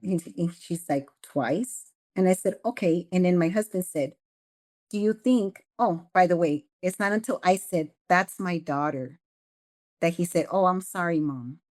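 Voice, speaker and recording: A woman's voice: fairly low pitch, normal speed, darkish tone. A middle-aged woman, a mother and interview guest, earnestly recounting events and quoting what people said. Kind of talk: casual interview chat.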